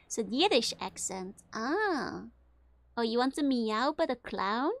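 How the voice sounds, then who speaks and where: A woman VTuber giving casual let's-play commentary, chatty and quick to laugh. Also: fairly high pitch, lively intonation, no room sound. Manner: giggly and chatty, with frequent laughs. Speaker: VTuber streamer.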